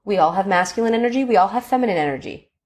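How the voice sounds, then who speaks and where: Expressive woman coaching on dating. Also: medium pitch, very fast. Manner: expressive, acts out enthusiastic quotes. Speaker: podcast host. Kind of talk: coaching monologue.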